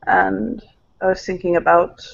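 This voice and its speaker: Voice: medium pitch, steady tone, a little slow, gravelly, slight background noise. A tabletop player voicing a young widowed man with a European accent, joking dryly about his grief over drinks. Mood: somber. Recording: dull lo-fi recording.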